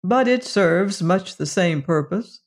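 A reader voicing a calm, courteous human space explorer in an audiobook story. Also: medium pitch, takes it slowly. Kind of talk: audiobook reading.

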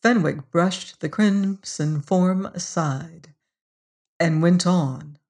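Slow, measured audiobook narrator. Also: mid-range voice, a little mellow, slightly rough. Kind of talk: audiobook reading.

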